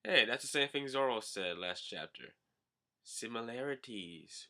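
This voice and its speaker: A young man casually recaps a comic chapter, rambling and filling gaps with "uh" and "like". His voice has a very bright, sharp edge and sits at a middle pitch. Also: moderate pace. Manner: rambling, with many fillers. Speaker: manga reviewer.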